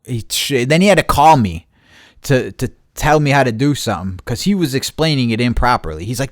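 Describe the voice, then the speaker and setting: A man hosting a podcast, telling a long, profane, animated story and acting out both sides of a support call. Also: medium pitch, a little fast, no room sound, studio quality. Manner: animated, swears constantly, acts out both sides of conversations. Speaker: podcast host.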